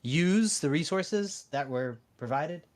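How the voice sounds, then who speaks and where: Man on a voice chat, slightly high voice, opinionated rambler with lots of ums. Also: animated, takes it slowly, a loud crowd. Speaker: watch-along participant. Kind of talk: casual group chat.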